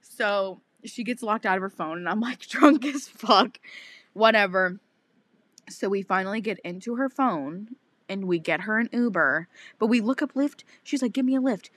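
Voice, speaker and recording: A young woman in her twenties co-hosting a podcast, telling a story in casual, animated chat with lots of swearing and acted-out quotes. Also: mid-range voice, moderate pace, no room sound. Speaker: podcast co-host.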